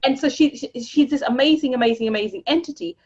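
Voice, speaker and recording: A woman with a husky, slightly raised voice, chatting quickly as a guest coach. She keeps repeating words and leaps up in pitch to stress a point. The recording sounds dull and lo-fi. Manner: animated, repeats words, jumps to higher pitch for emphasis. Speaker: guest, money mindset coach. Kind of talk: casual interview chat.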